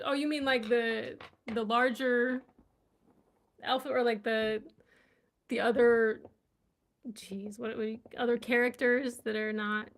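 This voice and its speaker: A woman with a fairly high voice speaks slowly and casually, stopping to sound out unfamiliar words piece by piece. She is curious and laughs at her own attempts as she chats to her viewers. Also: fairly bright tone. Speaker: language vlogger. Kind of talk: casual live reading and chat.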